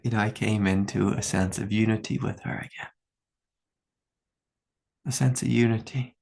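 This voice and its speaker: In a fairly low, steady, gravelly and darkish voice at normal speed, a man in his fifties shares personal stories during a reflective spiritual talk. As a spiritual teacher he's earnest, using lots of fillers and laughing often.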